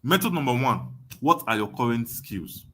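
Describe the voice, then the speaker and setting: A man's voice: mid-range voice, expressive, normal speed, sharp tone, breathy edge. A young adult Nigerian man teaching an online webinar, emphatic, repeating his points and often asking "you understand?". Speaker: online course tutor.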